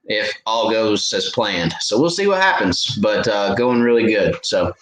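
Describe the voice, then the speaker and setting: A man's voice: mid-range voice, a bit bright. Laid-back man in an echoey room. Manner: laid-back, chatty, frequent "uh" fillers. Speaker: fishing channel host. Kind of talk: live stream Q&A chat. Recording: echoey room, faint background noise.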